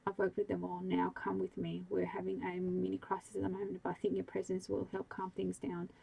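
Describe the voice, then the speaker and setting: Eine Frau spielt einen überdrehten Modestylisten. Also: female voice, lowish voice, monotone, brisk, vocal fry, dark tone, husky, heavily acted. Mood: gushing. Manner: fussy, with a put-on posh lilt. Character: flamboyant male fashion stylist, theatrical.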